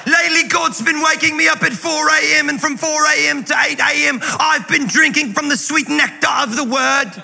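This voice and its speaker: A man's voice: extremely high pitch, fairly even intonation, normal speed, creaky, hardly any pauses, bright, forceful tone, raised voice, in a large hall, voice pushed up, exaggerated voice. A man putting on an exaggerated impression of a female preacher that comes out sounding like a pirate, drawn out and dramatic. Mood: pompous.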